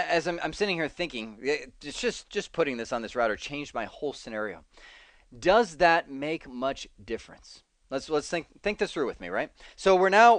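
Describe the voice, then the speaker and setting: A man's voice: medium pitch, no room sound. A man teaching a networking lesson in a casual, chatty way, thinking aloud, correcting himself and adding wry asides. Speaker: networking instructor. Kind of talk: casual screen-recorded tech lesson.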